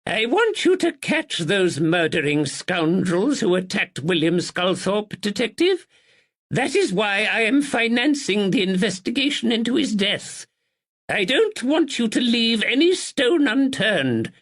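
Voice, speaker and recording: High-pitched old noblewoman, imperious, formal, clipped, commanding, voiced by a man. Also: sing-song, a little slow, fairly bright tone, full character voice. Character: imperious elderly aristocratic woman in a bath chair.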